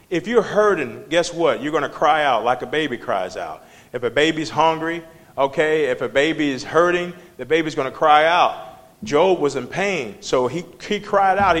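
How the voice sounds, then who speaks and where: A man's voice: fairly high pitch, a bit bright. Male Bible study teacher, emphatic and conversational, quizzing the class, with a long hall echo. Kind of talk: preaching Bible study lesson.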